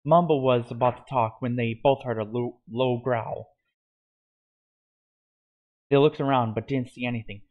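A man narrating a homemade fan story aloud, with a middle-pitched voice. He reads steadily, now and then stumbling and restarting a word. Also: measured pace, pauses often, phone-quality sound. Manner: steady reading with small slips and restarts.

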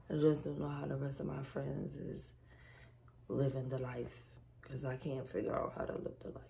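A stressed, exhausted woman venting to her vlog viewers in a weary, halting way. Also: a bass voice, monotone, gravelly, dark tone, a little hiss or hum. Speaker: vlogger.

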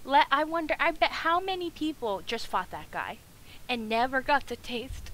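A woman streaming a video game, chatting and joking excitedly with her viewers. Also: high-pitched, normal speed, a little hiss or hum, low-quality recording. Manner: excitable, jokey, chatty with chat. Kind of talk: casual gameplay commentary.

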